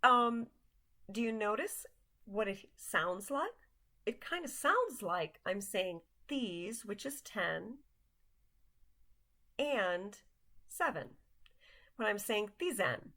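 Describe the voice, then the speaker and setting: A woman teaching a language lesson, saying each word slowly and repeating it carefully for learners before explaining. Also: mid-range voice, very animated, bright, forceful tone. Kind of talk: slow, deliberate language drill with explanations.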